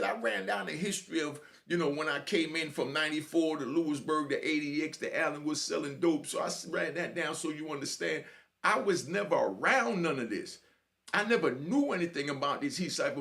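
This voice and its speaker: Animated storytelling man with a gravelly voice. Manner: animated, imitates cat meows in a high voice; streetwise slang with frequent "you know what I mean". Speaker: prison storyteller. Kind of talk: casual spoken storytelling.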